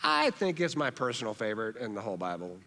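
A man preaching a sermon as pastor, earnest, repeating phrases for emphasis and dropping soft on key words. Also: medium pitch, huge pitch swings, quick pace, long reverb tail.

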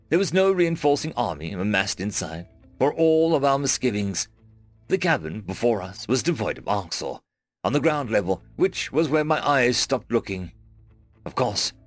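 Man, audiobook narrator, scripted sci-fi narration, lively varied pitch, dry close sound, faint music behind. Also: no echo. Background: faint background music.

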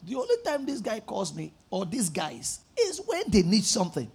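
A male pastor preaching a sermon, telling stories animatedly and rising to emphatic shouts. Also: high voice, normal speed, creaky, slightly rough. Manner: animated storytelling, acting out phone conversations.

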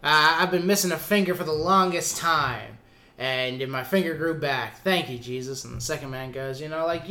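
A man with a somewhat high, bright voice co-hosting a relaxed podcast. He tells a simple bar joke in an easygoing way and laughs along with his partner. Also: moderate pace. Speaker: podcast co-host. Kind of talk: casual joke-telling chat.

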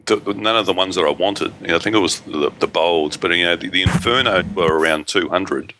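A man co-hosting a casual gaming podcast, halting and repeating himself in an exasperated way. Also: low-pitched, bright, forceful tone, slight background noise. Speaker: podcast co-host.

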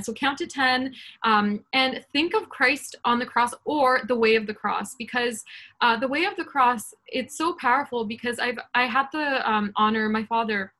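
An earnest woman in her thirties, a podcast guest in casual talk about faith. Her voice sits a little high and sounds bright and forceful. She rambles, with many fillers and "right?" tags.

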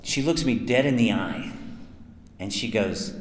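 A man's voice: lowish voice, a little slow, long pauses. A man, a voice actor answering fan questions at a convention panel, telling long self-mocking stories and acting out quotes. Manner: chatty, self-mocking, lively anecdotes with acted quotes. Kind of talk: convention Q&A storytelling. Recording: echoey hall, some noise.

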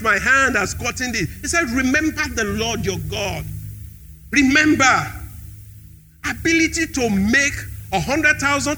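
Bright high-pitched preacher. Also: male voice, a little hiss or hum, poor audio. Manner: emphatic, repeats key phrases for the congregation. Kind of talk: sermon.

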